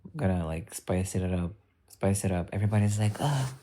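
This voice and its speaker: A woman's voice: very deep voice, fairly even intonation, fairly quick, dark tone, slight background noise. A woman streamer chatting casually with her viewers, blunt, joking and swearing freely as she talks back to the chat. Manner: addresses chat directly. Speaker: livestreamer.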